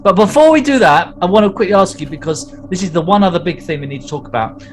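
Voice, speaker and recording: A man hosts a casual podcast, wandering through details with lots of ums and restarts. His voice sits a little high for a man. Steady background noise runs under his voice. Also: fast, poor audio. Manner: rambling, full of fillers and detail. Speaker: podcast host. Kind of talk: casual chat.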